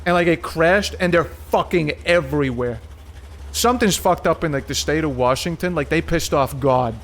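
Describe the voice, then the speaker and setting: A man's voice: a little high, fairly quick. Rambling, swearing young male streamer. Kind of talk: casual live-stream chat.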